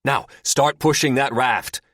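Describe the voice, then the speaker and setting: A man's voice: mid-range voice, fairly even intonation, measured pace, fairly bright tone, husky, dry recording, clean studio sound, pitched above the performer's own voice. A male audiobook narrator voicing a stubborn, pious grown woman who gives firm commands. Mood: commanding.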